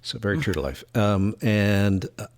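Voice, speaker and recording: A man's voice: on the low side, moderate pace. A middle-aged man co-hosting a podcast, chatting casually, rambling through stories and chuckling often. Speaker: podcast co-host, voice actor. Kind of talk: casual chat.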